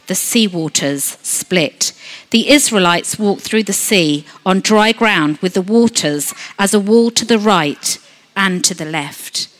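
Woman giving a sermon, high voice, chatty, lots of questions to the crowd. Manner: expressive, acts out voices of fear with sudden high shouts; conversational, asks rhetorical questions. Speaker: preacher.

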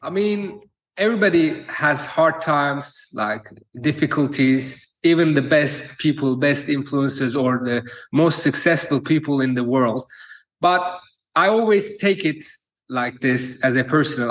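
A man's voice: mid-range voice, fairly bright tone, low-quality recording. A man with a Turkish accent, a personal trainer talking as a guest in a casual interview, speaking plainly and earnestly. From Turkey. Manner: plain, repetitive phrasing, earnest.

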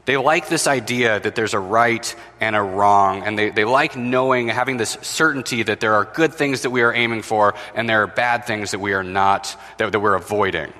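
Pastor, 30s, bright, forceful voice, storytelling sermon, long church reverb. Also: male voice, on the low side, moderate pace, hardly any pauses. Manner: storytelling with acted-out quotes, self-deprecating. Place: church sanctuary.

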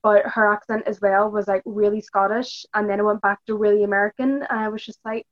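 A woman's voice: mid-range voice, flat delivery, fairly quick, dull audio. A woman guest on a film podcast, blunt and sarcastic, chatting with lots of filler "like". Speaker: guest cosplayer. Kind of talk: casual film review chat.

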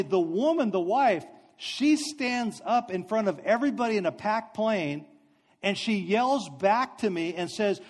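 Brief: high-pitched male preacher, animated, self-mocking storyteller, hall reverb. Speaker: speaker. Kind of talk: sermon storytelling.

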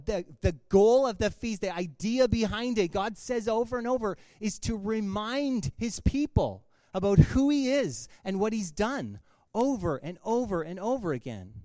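High-voiced casual male preacher. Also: dark tone, dry recording, clean studio sound. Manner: casual, conversational preaching with filler words and laughter. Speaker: pastor. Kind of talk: sermon.

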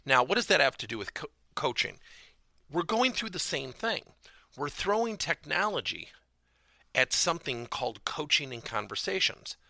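A man's voice: on the high side, sing-song, moderate pace, gravelly, sharp tone, no echo, studio quality. A man giving a motivational business talk as a corporate coaching trainer, stressing key words emphatically and theatrically.

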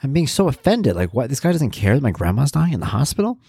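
A man's voice: medium pitch, big pitch swings, fast, vocal fry, dark tone, breathy edge, no echo, studio quality. A man in his forties hosting a podcast, talking candidly and rambling through a personal monologue, now and then acting out voices. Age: 40s. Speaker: podcast host.

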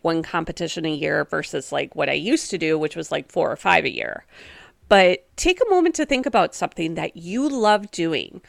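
A woman's voice: mid-range voice, gravelly, dry recording, studio quality. A woman hosting a solo wellness podcast, talking in an upbeat, encouraging, chatty way with casual fillers. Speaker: podcast host and wellness coach.

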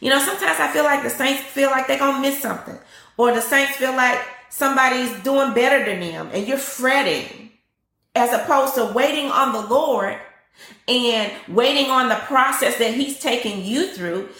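A woman's voice: high-pitched, normal speed, pushed and bright, echoey room. A woman preacher teaching a sermon, fervent and repetitive, quoting scripture on a live stream. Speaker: prophetess and teacher.

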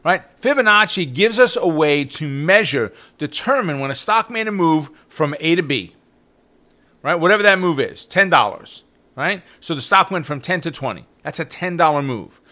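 A middle-aged man hosting a trading podcast, teaching in an energetic monologue full of rhetorical questions and tag questions. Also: fairly high pitch, normal speed. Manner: animated, rhetorical questions, frequent "right?". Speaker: trading coach podcast host.

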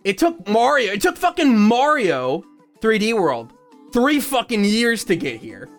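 A young adult man co-hosting a podcast, excitable and laughing, swearing freely. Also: high-pitched, a little slow, faint music behind. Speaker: podcast co-host. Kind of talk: casual podcast banter.

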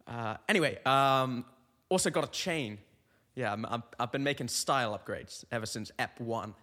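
Young man, comedy podcast host, meandering self-mocking monologue, average pitch, long echoing reverb. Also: moderate pace, pushed and bright. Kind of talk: rambling comic monologue.

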